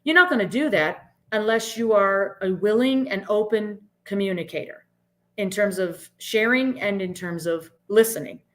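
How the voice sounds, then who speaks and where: A middle-aged woman speaks in an earnest, emphatic way as a podcast guest. She often ends her points with "right?". Her voice sits at an ordinary middle pitch. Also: normal speed. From Boston area, US. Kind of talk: reflective interview talk.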